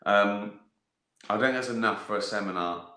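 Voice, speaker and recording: A man's voice: lowish voice, moderate pace, pushed and bright. A man chatting casually on a live stream, answering viewer questions in a rambling way, swearing and laughing at his own jokes. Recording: echoey room.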